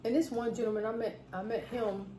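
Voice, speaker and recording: A woman's voice: fairly high pitch, fairly even intonation, fairly quick. Emphatic woman vlogging in an echoey room. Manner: emphatic, repeats phrases for stress, preachy asides. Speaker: food vlogger. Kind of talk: casual storytelling to camera. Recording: roomy echo, faint background noise.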